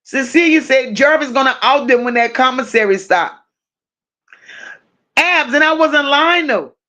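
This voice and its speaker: A woman hosting a casual true-crime livestream, reading viewer comments aloud and answering them with blunt, profane, animated banter. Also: high-pitched, unhurried. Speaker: livestream host reading chat.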